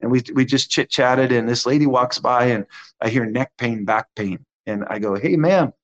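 A man giving a conversational testimony as a guest minister, animated and acting out the quotes of the people in his story. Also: mid-range voice, moderate pace, highs cut off.

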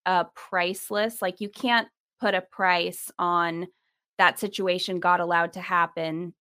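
A woman's voice: lowish voice, fairly even intonation, measured pace, pushed and bright, no room sound. A woman hosts a ministry interview, recorded dry and close with no room sound. She responds affirmingly and encourages her guest with frequent short replies. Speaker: interviewer host.

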